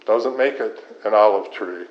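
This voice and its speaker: A man's voice: lowish voice, unhurried. A middle-aged man preaching a sermon in an earnest style, building points through repetition. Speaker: pastor. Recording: slightly dull lo-fi sound.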